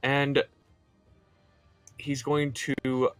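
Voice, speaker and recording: A man running a tabletop game as dungeon master, calling turns and explaining rules in a relaxed, conversational way. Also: medium pitch, very slow, clean tone, no echo, soft background music.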